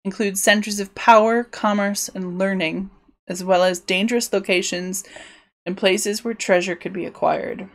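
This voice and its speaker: On a laid-back livestream, this woman from the UK talks at a moderate pace in a medium pitch with fairly even intonation. Her musings about the tabletop world she's creating wander and keep interrupting themselves.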